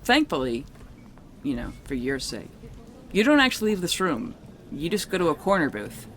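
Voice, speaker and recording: A man's voice: on the high side, big pitch swings, normal speed, fairly bright tone, slight background noise. A man narrating a tabletop game as game master, casual and rambling, swearing freely.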